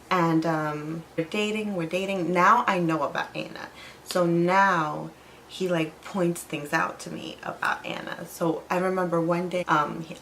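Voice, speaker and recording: Chatty young woman with vocal fry. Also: fairly low pitch, fairly bright tone, slight background noise, rough recording. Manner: chatty, fills with "like", acts out quoted lines. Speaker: vlogger. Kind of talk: casual storytelling.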